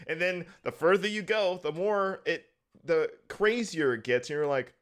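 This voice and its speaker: A man co-hosting a casual chat about a video game, laughing often and acting out characters in quick voices. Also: high-pitched, a bit bright. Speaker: podcast co-host.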